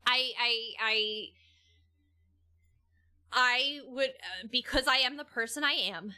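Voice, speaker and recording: A young woman talks casually outdoors by a house, her voice bright and a little high. She tells her story in a rambling way, restarting often and laughing between thoughts. The delivery is loose and unscripted. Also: takes it slowly. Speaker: vlogger. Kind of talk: casual chat.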